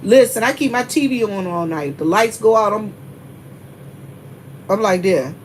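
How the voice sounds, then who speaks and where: A woman's voice: medium pitch, lively intonation, normal speed, slight background noise. A woman hosting a casual livestream, chatting straight to her viewers and greeting them by name as they come in. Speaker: livestream host.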